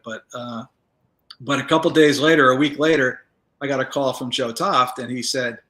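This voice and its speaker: A man, a former federal agent, telling stories in a casual interview, relaxed and rambling with many fillers. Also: mid-range voice, moderate pace.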